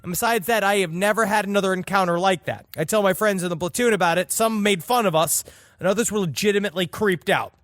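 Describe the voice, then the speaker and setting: Brief: co-host, man, high voice, laid-back deadpan reads, dry close mic. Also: fast, no echo. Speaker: podcast co-host. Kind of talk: reading a listener story, casual banter.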